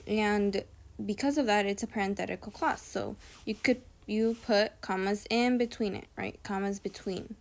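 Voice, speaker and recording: A young woman talks through a grammar lesson in a relaxed, conversational way. She goes over each point more than once and keeps checking in with her listeners. Her voice sits at a medium pitch for a woman. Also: normal speed. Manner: chatty, repeats points, frequent "right?" checks. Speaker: tutor. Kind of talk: casual explanatory lesson.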